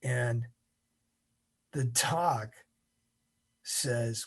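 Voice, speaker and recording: A middle-aged man, an interview guest, telling a story in an animated way and acting out the scenes. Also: mid-range voice, very slow, pauses often, husky.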